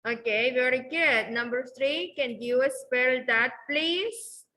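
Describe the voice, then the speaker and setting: A woman teaching an English class who explains slowly and keeps repeating okay and very good. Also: high voice, sharp tone, poor audio.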